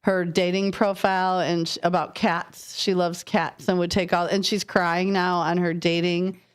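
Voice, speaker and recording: A woman radio host chatting casually in the studio, giggly and quick to tell a story. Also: lowish voice, level tone, clear, resonant tone.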